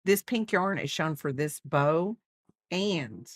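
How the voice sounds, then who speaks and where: Low-voiced woman chatting to her dog. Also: lively intonation, slow pace, no room sound, clean studio sound. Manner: teasing, doting talk to her dog; rambling with restarts. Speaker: crochet streamer. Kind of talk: casual chat while crocheting.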